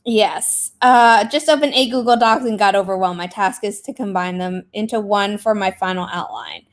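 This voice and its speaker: A woman's voice: mid-range voice, normal speed. A young woman hosting a casual writing livestream, chatty, greeting viewers with lots of fillers. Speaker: livestream host. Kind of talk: casual chat on a writing sprint stream.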